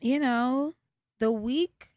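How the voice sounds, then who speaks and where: A woman's voice: high voice, very slow, a little mellow, no room sound, clean studio sound. A woman co-hosting a podcast, talking in a laid-back, drawling casual chat and saying "y'all" and "child". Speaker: podcast co-host.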